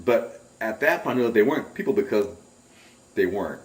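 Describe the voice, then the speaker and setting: Talking fast in a voice on the low side, a middle-aged man relates his own story in an interview, animatedly reenacting his alarmed, swearing outbursts. The mic picks him up from a distance in an echoey room.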